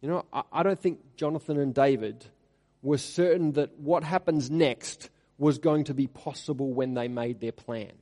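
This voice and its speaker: A man preaching an expository sermon, reading scripture aloud with rising emphasis and then dropping to quiet asides. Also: medium pitch, moderate pace. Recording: long hall reverb.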